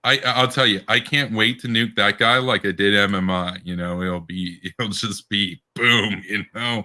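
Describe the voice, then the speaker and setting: A man's voice: fairly low pitch, fairly even intonation, normal speed, bright, forceful tone. A man co-hosting a casual political podcast, rambling with many restarts and bursts of laughter. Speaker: podcast co-host.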